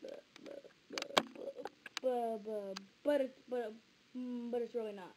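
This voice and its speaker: A woman's voice: on the high side, steady tone, measured pace, very noisy. A woman chatting casually in a vlog, rambling and stammering over repeated words. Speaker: vlogger.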